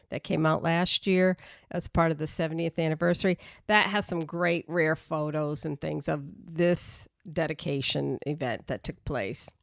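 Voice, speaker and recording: A chatty woman with a faint Boston accent walks through her research in a relaxed podcast conversation. Her voice sits fairly low, and it is recorded dry and close with no room sound. She talks loosely, with frequent fillers and restarts. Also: dry recording. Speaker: podcast co-host presenting research. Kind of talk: casual podcast chat.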